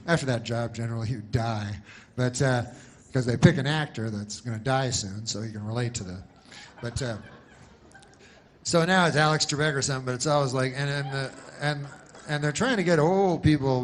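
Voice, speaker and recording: A man telling a long stand-up joke in a dry, rambling way, with many stops and restarts. His voice sits in the middle range. A faint hiss of noise runs behind him. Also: mid-range voice. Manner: rambling deadpan delivery with long pauses and restarts; mocks a pushy announcer in loud bursts. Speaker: comedian. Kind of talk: stand-up comedy routine.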